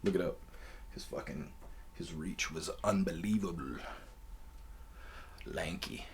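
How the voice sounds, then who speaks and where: A man with a fairly low voice tells a story in a loose, meandering way. He swears freely and keeps stopping on "uh" and "um" as he talks, like a host chatting off the cuff. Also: slow, creaky, slight background noise. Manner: profane, loose and conversational with many fillers. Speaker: podcast host. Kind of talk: casual rambling storytelling.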